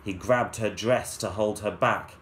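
A male teacher reading a rhyming story aloud to children in a measured, playful storyteller's manner. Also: lowish voice, fairly bright tone.

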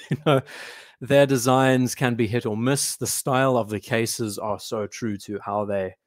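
A man's voice: medium pitch, fairly even intonation, unhurried, no echo, studio quality. A man hosting a live watch show, chatting casually, thinking aloud and answering comments from the chat. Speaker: watch channel host.

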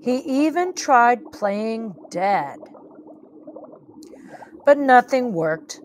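A woman reading a children's picture book aloud with expressive, animated storytelling. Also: fairly high pitch, drawn-out words, slight background noise.

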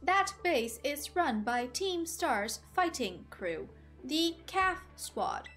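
Woman putting on a robotic female messenger, flat, slow, machine-like pauses, high voice. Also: soft background music, exaggerated voice. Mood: measured. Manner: slow, evenly paced, with deliberate pauses. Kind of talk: reading game dialogue aloud.

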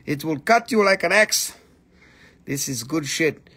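A man's voice: a little high, expressive, unhurried, bright, forceful tone, breathy edge. A man hosting a live stream to sell minerals, joking around and swearing a lot as he chats. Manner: joking, goofy, swears often. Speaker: host selling minerals on a livestream. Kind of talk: live sales stream, playful chat.

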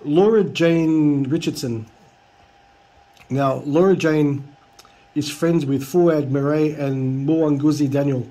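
A man's voice: on the high side, slow pace, mellow. A man reading out chat logs with dry, mocking comedic commentary. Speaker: video creator.

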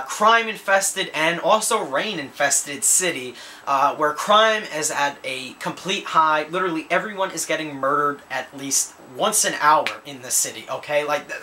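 A man's voice: fairly high pitch, sharp tone, slight background noise. A man hosting a casual movie review vlog, talking enthusiastically and rambling with lots of restarts and repeated words. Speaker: movie reviewer, channel host.

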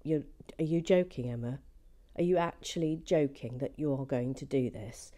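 A woman giving relaxed commentary while building a set, chatty and often slipping into a soft whisper. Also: extremely low pitch, moderate pace.

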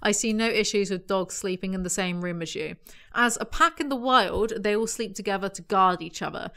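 A woman's voice: medium pitch, brisk, vocal fry, pushed and bright. A young woman giving casual, sarcastic commentary as a book reviewer. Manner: blunt, sarcastic.

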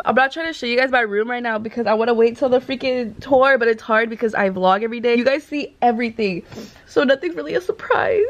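Young cali girl doing a grwm vlog in her room, nervous rambly chat, tons of "like" and slang, kinda high voice. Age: young adult. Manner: rambling, anxious, slangy, says "like" constantly. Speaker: vlogger. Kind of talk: casual get-ready-with-me vlog chat. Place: bedroom at home.

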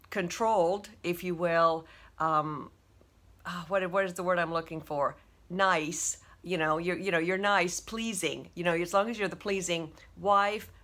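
Bright-voiced tearful woman vlogger. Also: lowish voice. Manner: hesitant, with many fillers and restarts. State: teary. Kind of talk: emotional personal confession.

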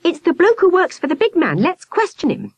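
A woman's voice: high-pitched, sing-song, a little fast, no echo, pitched above the performer's own voice. A woman voicing a bold, indignant young schoolgirl in a storybook.

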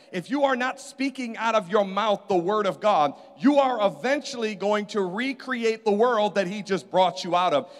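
Man, pastor, call-and-response sermon, high voice, echoing hall. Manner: call-and-response preaching, urging the congregation. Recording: hall reverb.

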